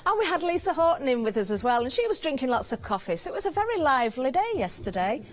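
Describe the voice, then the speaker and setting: A woman's voice: high-pitched, big pitch swings, quick pace. Bubbly British woman presenting on shopping TV. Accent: British English. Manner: chatty and giggly, bubbly with crew banter. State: slightly hoarse, throat catching.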